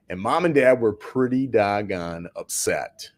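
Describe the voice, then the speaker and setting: A man with a fairly low voice, telling a story to camera like a casual chat. He talks in a plainspoken, slangy way. He keeps checking in with the listener, asking "right?" as he goes. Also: lively intonation, moderate pace, hardly any pauses. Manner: chatty, often checks in with "right?". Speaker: real estate agent and show host.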